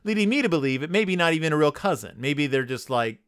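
A man's voice: fairly high pitch, animated, fast, a bit bright, clean tone, dry recording, clean studio sound. A man hosting a comedy podcast, sarcastically recapping a children's book and riffing on it. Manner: sarcastic, riffing, acts out characters. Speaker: podcast host.

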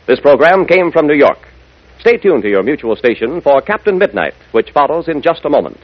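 A man's voice: on the high side, big pitch swings, a little fast, music in the background. Folksy man announcing on old radio. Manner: folksy, upbeat, addresses listeners as gang. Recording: muffled old radio broadcast.

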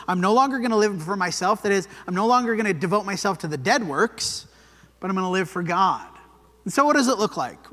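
A man's voice: high voice, a bit bright. A man preaching a sermon in a church, talking conversationally and often checking in with "right?". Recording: church hall with long reverb.

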